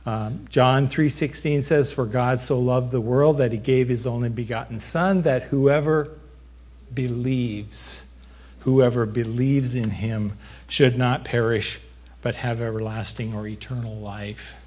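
A man preaching a sermon, talking to the congregation in an unhurried, conversational way and joking now and then. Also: medium pitch, steady tone, darkish tone, breathy edge. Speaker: pastor. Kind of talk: sermon with a live demonstration.

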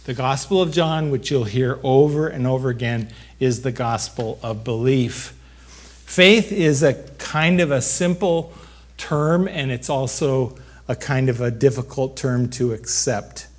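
A man preaching a sermon, talking to the congregation in an unhurried, conversational way and joking now and then. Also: mid-range voice, slightly rough. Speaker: pastor. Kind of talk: sermon with a live demonstration.

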